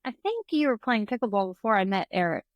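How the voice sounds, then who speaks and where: A woman's voice: medium pitch, big pitch swings, quick pace, no echo, muffled recording. A woman in her twenties, a podcast guest chatting casually and often saying "like". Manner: chatty, fills speech with "like". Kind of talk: casual chat.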